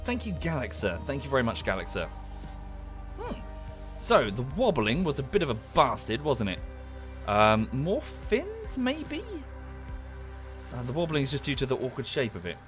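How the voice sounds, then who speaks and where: A man's voice: medium pitch, wildly swooping pitch, moderate pace, fairly bright tone. A man giving casual, dry, self-deprecating commentary while livestreaming a game, often muttering to himself. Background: game music.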